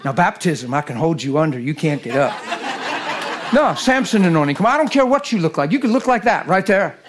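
A man preaching a sermon in a church, animated and jokey, swinging from loud bursts to hushed lines. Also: a little high, fairly quick, a crowd in the background. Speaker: guest preacher.

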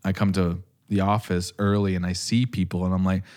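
Laid-back rambling man, low voice. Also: level tone, brisk, darkish tone. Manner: rambling, laughs often, many fillers. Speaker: podcast co-host. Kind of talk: casual chat.

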